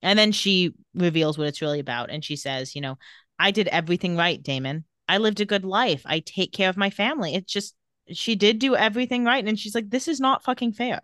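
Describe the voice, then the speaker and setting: Her voice is fairly low and her pace fairly quick as she recaps a TV episode on a podcast she co-hosts. She chats casually, retelling scenes with animation and quoting the characters, in a studio-quality recording free of echo.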